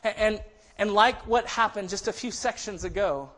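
A man's voice: sits high, normal speed, pushed and bright. A man preaching a sermon in a conversational way, often restarting phrases and acting out quoted voices. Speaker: pastor.

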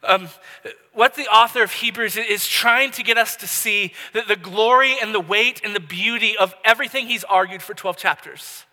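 A man's voice: high voice, normal speed, sharp tone. A man in his thirties, a pastor preaching a sermon, telling a personal story in a conversational way with many restarts. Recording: long hall reverb.

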